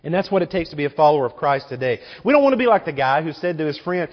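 Animated preaching man in a reverberant church. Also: fairly high pitch, racing, hardly any pauses. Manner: animated preaching with rhetorical questions. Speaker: pastor. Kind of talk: sermon. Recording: muffled recording with long hall reverb.

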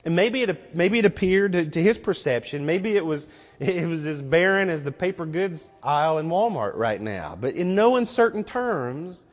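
Animated preaching man in a reverberant church. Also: fairly high pitch, moderate pace. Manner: animated preaching with rhetorical questions. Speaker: pastor. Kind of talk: sermon. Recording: muffled recording with long hall reverb.

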